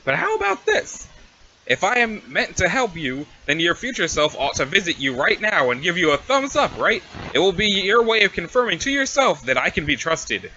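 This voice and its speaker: Man voicing a teen troll girl, teasing, overexcited, bright, dull lo-fi sound. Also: high voice, big pitch swings, normal speed, slight background noise, heavily acted. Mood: eager. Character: smug playful teenage alien troll girl. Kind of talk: reading a webcomic aloud with voices.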